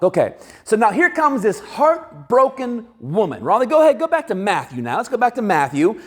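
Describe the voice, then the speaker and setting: Lively high-voiced male preacher. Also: moderate pace, hardly any pauses. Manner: conversational, animated, acts out quoted voices. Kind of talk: sermon. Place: church sanctuary.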